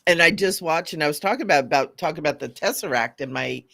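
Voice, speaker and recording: Gravelly-voiced mystic woman on a spiritual chat show, super enthusiastic, lots of "you know?". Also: low voice, fast talker, a bit bright. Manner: enthusiastic and affirming, asks for agreement. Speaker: mystic co-host. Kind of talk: casual spiritual talk show.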